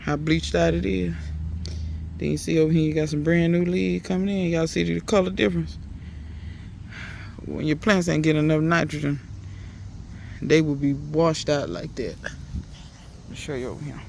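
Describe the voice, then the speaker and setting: A man's voice: on the high side, normal speed, vocal fry, long pauses, darkish tone, slight background noise. A man in a casual gardening vlog, chatty and emphatic, talking to viewers outdoors in his garden. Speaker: home gardener.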